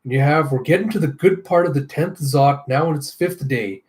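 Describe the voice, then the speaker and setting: A man casually reading a comic aloud, narrating panels with relaxed asides. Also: on the high side, normal speed. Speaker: comic readthrough host.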